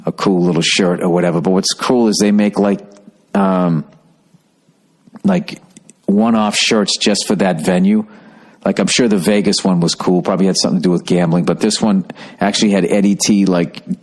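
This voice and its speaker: A man's voice: deep voice, darkish tone. A middle-aged man from the United States hosting a podcast, telling stories in a casual, profane, rambling way. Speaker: podcast host.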